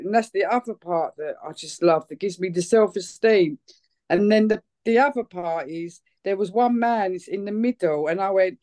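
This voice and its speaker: A woman from England giving a personal testimony at church, telling it in an excitable, chatty way with many fillers. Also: mid-range voice, normal speed.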